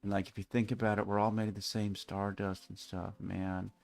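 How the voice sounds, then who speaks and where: A man's voice: on the low side, little pitch movement, fairly quick, vocal fry, darkish tone, faint music behind. A man doing a drawling stoner hippie dude. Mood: dreamy. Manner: drawling, slacker speech.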